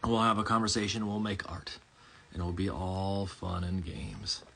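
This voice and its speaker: A man's voice: deep voice, fairly even intonation, normal speed, gravelly, bright, forceful tone, a little hiss or hum, poor audio. A man with a Midwestern American accent hosting a casual livestream chat, rambling and correcting himself with jokes. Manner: rambling, self-correcting, jokey. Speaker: host.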